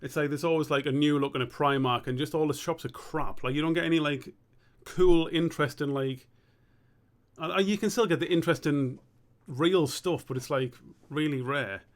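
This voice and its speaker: A young man streaming live as an animator, chatting casually and thinking aloud in a rambling, sweary way. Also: fairly high pitch.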